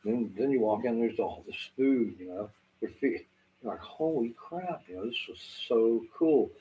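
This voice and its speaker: A man's voice: on the low side, moderate pace, warm tone, rough recording. A middle-aged man from Southwest Florida with a Southern accent, rambling casually to the camera with lots of fillers and cursing. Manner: meandering, swears freely, lots of fillers. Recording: faint background noise.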